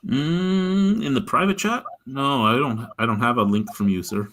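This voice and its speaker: A man's voice: mid-range voice, moderate pace, fairly bright tone. A middle-aged man hosting a beer review show, telling stories in a blunt, profane, rambling way. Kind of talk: casual storytelling chat.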